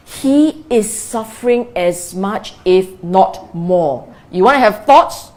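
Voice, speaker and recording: A woman's voice: mid-range voice, lively intonation, slow, darkish tone. A woman teaching as a Buddhist meditation teacher in a dharma talk, repeating key phrases and asking rhetorical questions.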